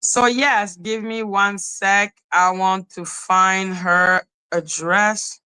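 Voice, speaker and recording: A woman hosting a live podcast, ranting in an animated, profane way and laughing often. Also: medium pitch, drawn-out words, hardly any pauses, clear, resonant tone, poor audio. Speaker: podcast host.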